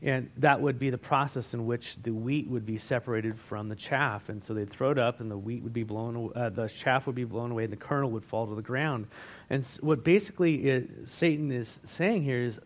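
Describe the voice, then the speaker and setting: A man's voice: medium pitch, brisk. A man preaching a sermon in a conversational way, asking the congregation questions and retelling scripture in everyday words. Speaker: pastor.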